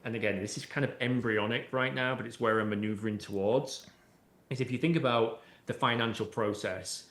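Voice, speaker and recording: A man's voice: mid-range voice, steady tone, a little fast, fairly bright tone. A man, an AI expert guest on an interview podcast, explaining at length in a conversational way with many "you know"s and "right?"s. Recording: roomy echoey room sound.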